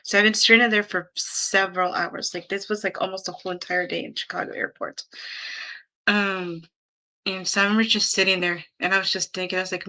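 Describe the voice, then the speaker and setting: Young woman vlogger with a bright, clear voice, chatty and rambling, casual storytelling to camera. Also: mid-range voice, brisk, low-quality recording. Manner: chatty, rambling, heavy use of "like" and "um". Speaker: YouTuber.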